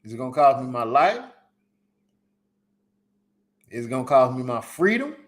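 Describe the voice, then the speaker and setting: A man's voice: mid-range voice, big pitch swings, moderate pace. A man hosting a solo live podcast, giving emphatic, repetitive advice in casual slang. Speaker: podcast host. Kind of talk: solo live-stream commentary.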